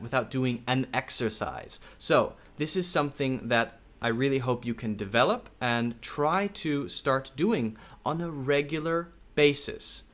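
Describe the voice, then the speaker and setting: A male English teacher talks through a video lesson at an easy, deliberate pace. His voice sits in a middle register but rises and falls in a lively way. He repeats key words and often stops to check in with "okay?". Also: mid-range voice. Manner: slow, repetitive, checks in with "okay?".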